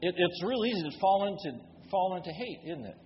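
A man's voice: high voice, big pitch swings, a little fast, a little hiss or hum. A man preaching a sermon from the pulpit, building force with emphatic rhetorical questions. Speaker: pastor. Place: church sanctuary. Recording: dull recording with long hall reverb.

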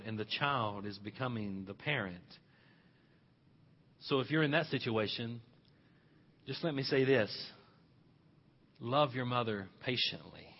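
Emphatic male pastor preaching in a hall. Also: medium pitch. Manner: emphatic preaching with loud rising exhortations. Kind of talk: sermon. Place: church sanctuary. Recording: dull reverberant hall recording.

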